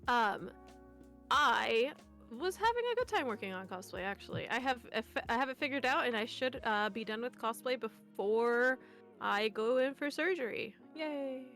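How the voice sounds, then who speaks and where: A woman's voice: fairly high pitch, lively intonation, normal speed, a bit bright, faint music behind. A woman chatting playfully as a guest streamer, giggling often and making goofy noises. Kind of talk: casual stream chat.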